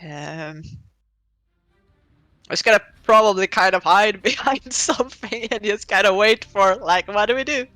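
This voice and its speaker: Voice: mid-range voice, normal speed, bright, forceful tone, no echo, clean studio sound, soft background music. A player in a tabletop game who laughs a lot and sounds unsure of what to do. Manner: giggly and unsure.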